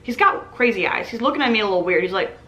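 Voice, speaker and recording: A young woman in her twenties, a restaurant server, telling a story in a casual, animated way and acting out the voices of customers. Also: medium pitch, fast, reverberant.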